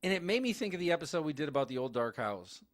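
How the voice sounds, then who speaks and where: A man co-hosting a casual movie recap podcast, animated and swearing freely as he acts out scenes. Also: fairly high pitch, racing, dry recording, studio quality. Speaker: podcast co-host.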